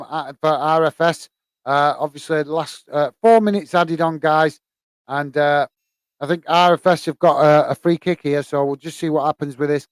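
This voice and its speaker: A man's voice: on the high side, smooth, no echo. Tired man on a match watch-along. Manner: rambling, many fillers. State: tired, yawning.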